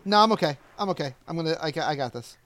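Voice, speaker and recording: Slightly high-voiced man, dry close sound. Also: lively intonation, racing, a bit bright, no echo. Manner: hesitant, searches for words, swears mildly. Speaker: podcast co-host. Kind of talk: casual movie podcast chat.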